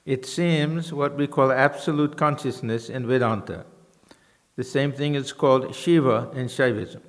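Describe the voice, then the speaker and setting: A man attending a retreat asks a measured, formally worded question. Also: medium pitch. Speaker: retreat participant asking a question. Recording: reverberant hall.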